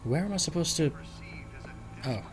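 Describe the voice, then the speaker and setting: A man's voice: on the high side, animated, fairly quick, faint music behind. A man casually narrating his own video game play, musing aloud and rambling. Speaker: gaming video host. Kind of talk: casual let's play commentary.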